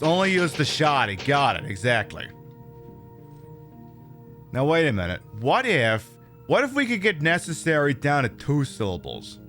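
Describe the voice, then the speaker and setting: A man's voice: mid-range voice, fairly bright tone. A man streaming a game, rambling and joking about himself as he plays. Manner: rambling, self-mocking and jokey. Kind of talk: live gameplay commentary.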